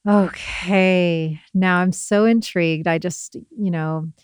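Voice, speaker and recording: A woman's voice: on the low side, steady tone, slow, smooth, no echo. A woman hosting a podcast, gushing and affirming in a spiritual way as she chats in a studio. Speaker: podcast host. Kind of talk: casual interview chat. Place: recording studio.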